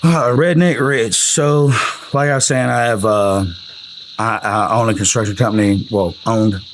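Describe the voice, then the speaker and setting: A man's voice: lowish voice, steady tone, unhurried, slight background noise, rough recording. Folksy man telling rowdy stories. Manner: rambling, profane, folksy. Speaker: country singer telling album stories. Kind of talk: casual storytelling.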